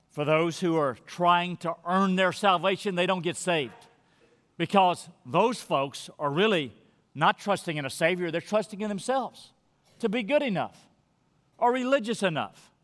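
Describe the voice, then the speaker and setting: A man preaching a sermon as pastor, earnest and emphatic, often dropping to a soft near-whisper. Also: sits high, long reverb tail.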